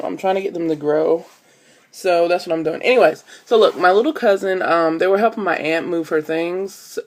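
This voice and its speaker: A woman, chatting to camera at home and telling stories with many ums and "so look". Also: on the low side. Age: 20s. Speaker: vlogger. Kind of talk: casual chat to camera. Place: at home, upstairs room.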